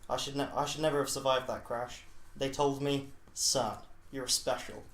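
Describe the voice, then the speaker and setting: A man co-hosting a podcast who reads his own story in a measured storybook way. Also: mid-range voice, little pitch movement. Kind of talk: scripted narration read aloud. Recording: echoey room mic.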